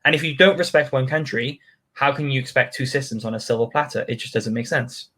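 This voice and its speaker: A man's voice: medium pitch, fairly even intonation, brisk, bright, forceful tone. A British man speaking as an interview guest, hesitant and full of fillers. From United Kingdom. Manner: hesitant, apologetic, many fillers. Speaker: guest, founder of a civic group. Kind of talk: conversational interview.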